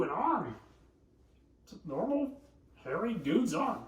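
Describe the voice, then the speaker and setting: A man's voice: high-pitched, very animated, a little slow, recorded from a distance, lo-fi sound. A man hosting a live cooking stream, chatting and joking with viewers and laughing often. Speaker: livestream cooking host. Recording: echoey room, voice off-mic.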